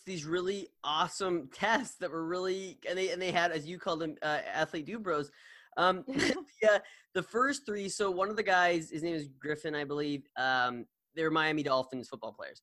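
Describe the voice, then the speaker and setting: A man's voice: high voice, moderate pace, sharp tone, dry recording. A man co-hosting a podcast, chatting casually and rambling with many fillers and restarts. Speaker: podcast co-host.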